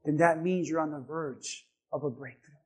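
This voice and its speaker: A man preaching a sermon as pastor, telling a story calmly and then building to shouted exhortation. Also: on the high side, moderate pace, husky.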